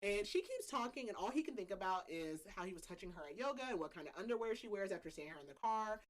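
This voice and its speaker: A woman's voice: mid-range voice, expressive, fast, low-quality recording. A young adult woman hosting a podcast, recapping a novel in casual chat, laughing often and leaning on "like" as filler. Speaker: podcast host.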